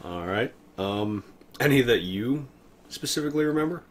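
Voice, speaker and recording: A man's voice: medium pitch, animated, moderate pace, slight background noise. A man hosting a casual podcast chat, prompting the others with short questions and dry quips. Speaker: podcast host.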